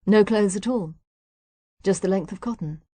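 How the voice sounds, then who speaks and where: A woman's voice: medium pitch, normal speed, warm tone, breathy edge, no echo, natural voice. A woman voicing a friendly young man, eager and chatty.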